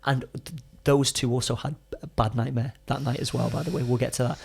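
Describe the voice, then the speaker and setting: A young man tells a story on a podcast, animated and chatty, dropping casual swear words as he goes. His voice sits at a middling pitch. He is heard close on a studio mic. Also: fairly quick, gravelly, breathy edge. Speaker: podcast guest, adventurer.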